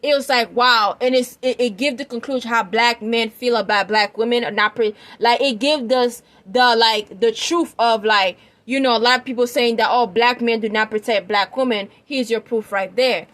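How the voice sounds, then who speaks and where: A woman's voice: fairly high pitch, normal speed, hardly any pauses, a bit bright. A woman giving her opinion in a rambling, emphatic vlog, often checking that the listener follows her. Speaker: vlogger. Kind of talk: opinion commentary.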